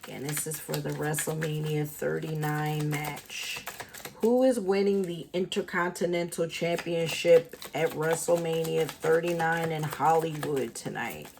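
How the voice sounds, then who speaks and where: Woman tarot reader, casual vlog delivery, chatty and meandering, unhurried pace. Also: deep voice, vocal fry, background noise. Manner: chatty, thinking aloud, many fillers.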